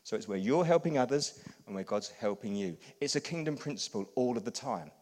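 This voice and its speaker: A man preaching a sermon as a pastor, getting the congregation to repeat lines and swinging from hushed to loud. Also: mid-range voice, animated, a little fast. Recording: long hall reverb.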